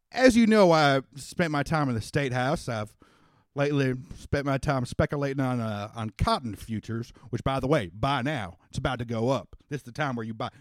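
A man putting on a booming middle-aged father who works a crowd like a stump politician, in a drawl with a folksy, rousing delivery. His voice rides higher and louder than an everyday talking voice, pushing out over the room. The recording is dry and close, with almost no room sound. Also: moderate pace, dry recording, lightly acted.

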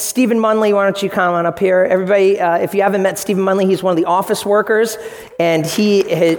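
A man preaching a sermon as pastor, energetic and playful, speaking directly to the congregation. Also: high-pitched. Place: church sanctuary. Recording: long reverb of a large hall.

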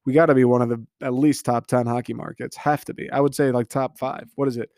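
A man's voice: mid-range voice, steady tone, fast talker, darkish tone, no echo. Frustrated young man ranting, dry sound. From Detroit area, Michigan. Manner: frustrated, profane, rambling. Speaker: sports podcast host. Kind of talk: solo sports rant.

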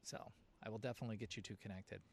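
A man's voice: fairly low pitch, steady tone, rapid-fire, creaky, darkish tone, a little hiss or hum. A middle-aged man from Southern California hosting a casual chat, telling stories and laughing often. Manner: chatty storyteller, laughs often.

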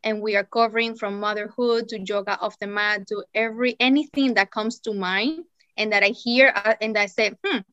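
A woman's voice: medium pitch, fairly even intonation, moderate pace, sharp tone, dry recording, dull audio. A woman guest on a podcast, a yoga teacher, talking in an earnest, rambling way in casual chat.

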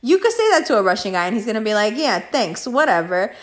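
A woman telling a story in a vlog, animated and heavy on profanity. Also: mid-range voice, racing.

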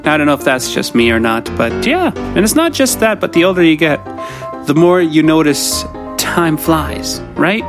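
Brief: middle-aged Canadian guy with a cold, solo podcast host, rambling and jokey, a little high for a man, soft guitar under him. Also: sing-song, normal speed. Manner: rambling, jokey, self-deprecating. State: has a cold. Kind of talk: casual solo podcast chat.

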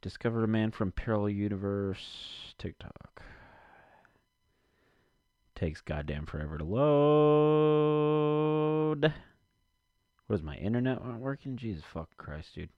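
A man's voice: lowish voice, expressive, a little slow, pauses often, no room sound, dull audio. A man rambling casually to himself and his audience from his basement, cursing often and muttering while he searches for something.

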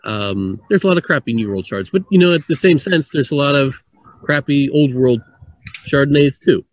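Male co-host, mid pitch, easygoing and chatty, dry close recording. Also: normal speed, dry recording. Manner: relaxed, chatty, laughs between points. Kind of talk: casual conversation.

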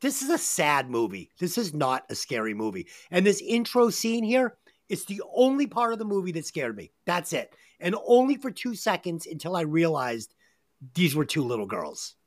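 A woman hosts a loose movie review podcast. Her pitch swings widely as she talks, and she swears freely and hammers her points home with emphasis. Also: normal speed. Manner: animated, profane, emphatic. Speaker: podcast host. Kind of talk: casual movie review chat.

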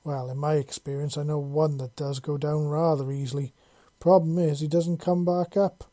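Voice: mid-range voice, flat delivery, moderate pace, warm tone, dry recording, close to an everyday voice. A narrator voicing a bold, flirtatious female robot soldier who teases playfully, read from a storybook. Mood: teasing. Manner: teasing, playful.

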